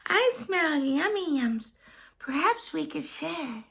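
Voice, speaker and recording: Lady doing a friendly badger from a kids book, a bit high, coaxing, slow. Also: very animated, gravelly, a bit bright, exaggerated voice. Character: friendly grinning male badger, sharing.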